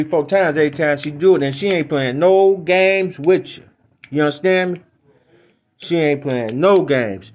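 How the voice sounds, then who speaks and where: A man from Detroit hosting a podcast, telling comic stories and opinions in a rambling, repetitive, emphatic way. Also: on the high side. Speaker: podcast host. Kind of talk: casual comedic storytelling.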